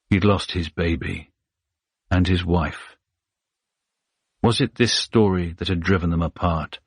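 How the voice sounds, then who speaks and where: A man narrating a thriller audiobook in a steady, measured way. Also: deep voice, breathy edge, dry recording, clean studio sound. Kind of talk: scripted narration.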